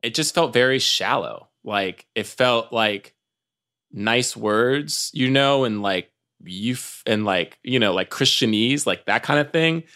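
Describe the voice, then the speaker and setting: A man's voice: medium pitch, bright, forceful tone. A man talking casually as a podcast guest, stopping and restarting often. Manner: halting, many restarts and "like"s. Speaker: podcast guest, former church member.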